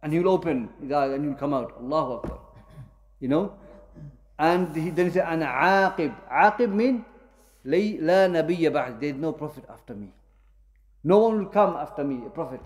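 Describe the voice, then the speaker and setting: Man, religious lecture, slightly high voice, halting delivery with many fillers, Arabic terms mixed in. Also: animated. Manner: explains with many fillers and self-corrections; mixes Arabic terms into English. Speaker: Islamic studies teacher. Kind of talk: classroom lecture.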